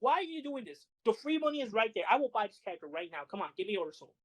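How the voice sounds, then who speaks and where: A woman co-hosting a podcast, telling fighting-game stories in animated, laughing casual chat with some swearing. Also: fairly high pitch, rapid-fire, poor audio. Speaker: podcast co-host.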